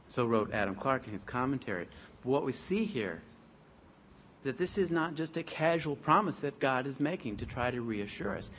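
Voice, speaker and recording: A man preaching a sermon, reading scripture aloud in a measured, emphatic way. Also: mid-range voice, expressive, fairly bright tone, breathy edge.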